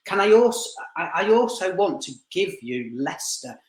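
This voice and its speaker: A man giving a live spirit reading as a medium, talking in halting bursts full of restarts and repeated fillers. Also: high voice, very animated, darkish tone. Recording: roomy echo.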